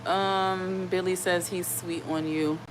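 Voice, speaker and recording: A woman chatting on her live stream in a slightly low voice, rambling from one thought to the next. She reads out viewer comments and keeps checking in with a reassuring "okay?". Faint noise sits under her voice. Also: level tone, slow pace. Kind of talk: casual live-stream chat.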